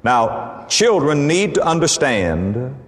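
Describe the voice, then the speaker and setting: A man preaching a sermon to his congregation, speaking emphatically and rising to excited peaks on his key points. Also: a little high, slow pace. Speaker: pastor. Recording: long reverb of a large hall.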